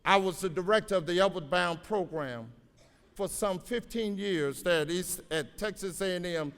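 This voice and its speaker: Older male educator, high voice, folksy motivational commencement speaker, long hall reverb. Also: moderate pace, a bit bright, clean tone. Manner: folksy storytelling, exhorting the crowd. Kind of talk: motivational graduation speech. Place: large auditorium.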